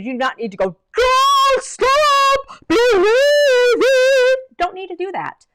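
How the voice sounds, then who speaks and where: Middle aged woman vocal coach on a livestream, chatty and animated, close mic at home. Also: medium pitch. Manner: lively, demonstrates by singing snippets.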